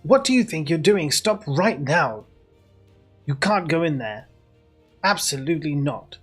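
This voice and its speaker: A man's voice: on the high side, very animated, unhurried, slightly rough, soft background music, full character voice. A man voicing an indignant townsman who sputters with outrage and scolds. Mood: commanding. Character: indignant male townsman directing the loading.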